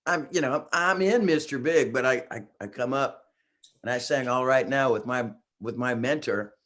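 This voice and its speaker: A man in his sixties, a singer guesting on a podcast, telling excited stories in casual chat and laughing often. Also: mid-range voice, normal speed. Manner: excitable storyteller, laughs often, acts out quotes.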